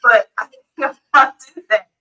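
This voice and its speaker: American woman, podcast guest, casual chat, playful, bright tone. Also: a little high, brisk, recorded from a distance, lo-fi sound. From United States. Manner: playful, warm-hearted, laughs easily.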